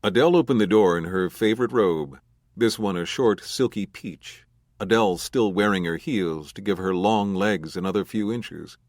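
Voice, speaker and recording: Low-voiced male crime audiobook narrator. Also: moderate pace, darkish tone, dry recording, studio quality. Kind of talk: scripted narration.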